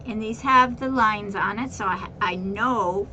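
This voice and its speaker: A woman walks viewers through a craft task in a relaxed, chatty way, often repeating words and adding fillers. Her voice sits at an ordinary middle pitch. The home recording carries clearly audible background noise. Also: a little slow, highs cut off. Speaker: craft tutorial host. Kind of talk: casual how-to demonstration.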